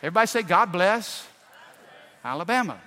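Pastor preaching in an echoing hall. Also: male voice, high-pitched, expressive, a little fast, some chatter behind. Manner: folksy storytelling, swings from hushed to loud. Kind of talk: sermon. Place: large church hall. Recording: long hall reverb.

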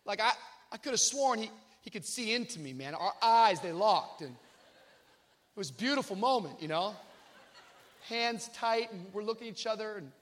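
A man with a very high voice delivers a sermon that drifts into comic storytelling. He acts out the voices of the people in the story, sometimes shouting in mock panic. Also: animated, normal speed, pauses often. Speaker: pastor.

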